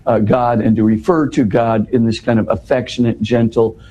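A man talks through a scripture passage for an interviewer, teaching with animated, explanatory energy. His voice sits at a medium pitch with a warm, mellow tone, and a faint noise runs under the recording. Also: moderate pace, lo-fi sound.

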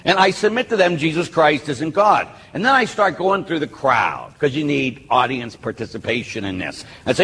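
A man's voice: fairly high pitch, brisk, hardly any pauses, breathy edge. A man, a Catholic priest, giving a live talk to an audience, telling stories with humor. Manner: animated storytelling with humor. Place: church or hall with a live audience. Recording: echoey hall with faint noise.

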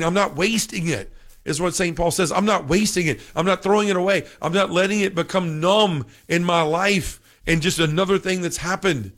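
A man's voice: high voice, normal speed, a bit bright. A man giving a fervent, preacher-like reflection on faith, repeating scripture lines. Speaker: podcast speaker.

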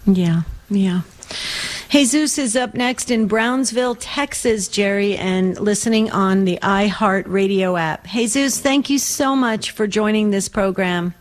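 A woman co-hosting a call-in radio show, talking gently and sympathetically with callers. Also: mid-range voice, unhurried. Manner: gentle, sympathetic, restarts phrases. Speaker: radio co-host. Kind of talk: warm call-in radio chat.

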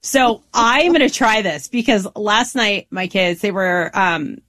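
A woman's voice: medium pitch, unhurried, a bit bright. A woman in her thirties co-hosting a casual chat, speaking emphatically and affirming the guest.

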